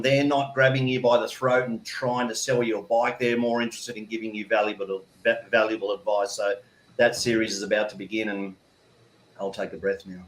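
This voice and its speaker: A man in his fifties with an Australian accent, chatting as a guest in a rambling way with many restarts. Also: mid-range voice. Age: 50s. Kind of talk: casual chat. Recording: echoey room.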